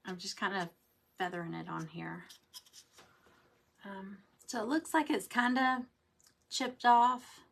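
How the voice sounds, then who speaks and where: A woman's voice: medium pitch, steady tone, takes it slowly, gravelly, pauses often. Chatty woman demoing crafts. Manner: chatty, rambling, talks to viewers. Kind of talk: casual craft demo livestream.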